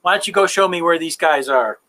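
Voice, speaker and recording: A man voicing a male town militia guard who speaks in a brisk, matter-of-fact way. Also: fairly high pitch, bright, forceful tone, slight background noise. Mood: businesslike.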